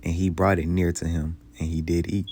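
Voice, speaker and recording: A man teaching from the Bible, reading old scripture slowly and then explaining it in loose, casual, emphatic speech. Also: sits low, little pitch movement, darkish tone, slight background noise. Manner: heated, emphatic commentary.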